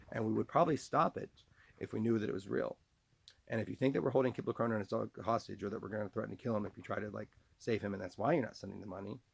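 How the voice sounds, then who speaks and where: A man's voice: fairly low pitch, creaky, slight background noise. A man delivering a rambling, accusatory monologue from his trailer home, talking about himself in the third person. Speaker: vlogger.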